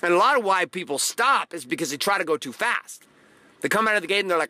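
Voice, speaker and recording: A man's voice: high-pitched, lively intonation, fast talker, pushed and bright, no room sound. A man giving a blunt, profane motivational talk, hammering phrases by repeating them and acting out the people he quotes. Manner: acts out quoted voices. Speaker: motivational host.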